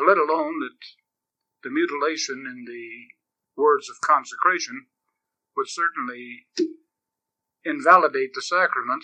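Bright-voiced priest giving a dry sermon. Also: male voice, a little high, dry recording, poor audio. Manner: grave and slow, turning animated when telling anecdotes.

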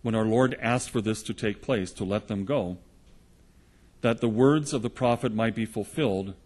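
Male preacher, husky timbre, earnest storytelling sermon delivery. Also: lowish voice, normal speed, a little mellow. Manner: earnest storytelling, retelling gospel scenes in the present tense.

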